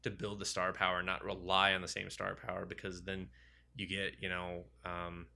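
A man in casual banter about superhero movies, joking and rambling, acting out characters in quick asides. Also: low voice, completely flat delivery, vocal fry, bright, forceful tone.

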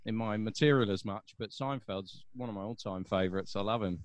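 A man's voice: lowish voice, fairly quick. A man in his thirties with a South London accent, a comedian chatting casually and telling stories with frequent laughs. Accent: South London English. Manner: animated storyteller, laughs often. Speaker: stand-up comedian guest. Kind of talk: casual podcast chat.

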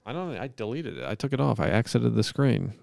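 A man's voice: mid-range voice, very animated, a little fast, gravelly, darkish tone, dry recording, clean studio sound. A man hosting a casual podcast, joking around and putting on a mock-solemn prayer. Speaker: podcast host.

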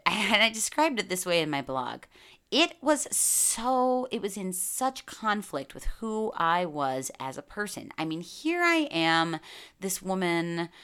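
Low-ish bright voiced woman podcaster, animated, swears a lot, laughs mid story. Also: clean tone. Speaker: podcast host. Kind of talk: candid storytelling monologue.

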